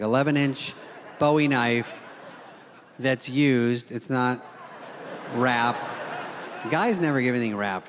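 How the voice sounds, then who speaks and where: A male comedian telling stories on a talk show in a dry, sarcastic way, with lively quoted voices. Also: mid-range voice, noisy background. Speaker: guest comedian. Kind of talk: anecdotal talk-show storytelling. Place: TV studio before an audience.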